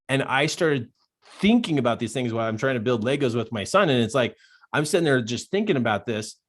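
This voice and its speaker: A man's voice: mid-range voice, brisk. Earnest man telling a personal story. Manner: earnest, drops to a hushed voice at dark moments and grows animated in others. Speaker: life coach giving a live talk.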